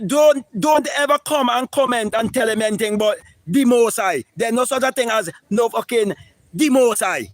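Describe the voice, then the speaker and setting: A man's voice: extremely high pitch, fairly bright tone, dry recording. A man, streaming a live spiritual talk in an emphatic, preachy and profane way, often repeating words. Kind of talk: impassioned live-stream monologue.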